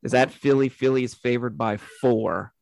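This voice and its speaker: A man's voice: medium pitch, fairly even intonation, moderate pace, vocal fry, darkish tone, no room sound. A man in a casual sports chat, methodically listing matchups and odds. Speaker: co-host reading game lines.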